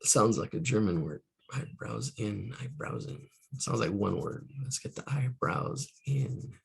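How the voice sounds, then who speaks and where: A man's voice: on the low side, expressive, normal speed, vocal fry, husky. A man teaching caricature drawing live, talking through each stroke, counting aloud and trailing off into muttered asides. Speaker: art instructor.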